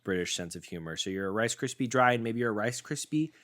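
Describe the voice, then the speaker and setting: A young man chats through a snack tasting with a bright, lively voice. He is playful and jokey, cuts in often and riffs into silly asides. His pitch swings freely as he talks. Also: quick pace. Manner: playful, jokey, interrupts, slips into silly bits. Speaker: podcast co-host. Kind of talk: casual chat, food tasting review.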